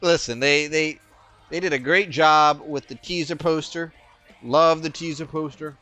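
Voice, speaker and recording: A man's voice: on the high side, steady tone, unhurried, bright, forceful tone, soft background music. A man co-hosting a casual podcast, blunt and emphatic in his opinions. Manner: blunt, emphatic, ranting about a trailer. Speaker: podcast co-host. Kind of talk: casual chat.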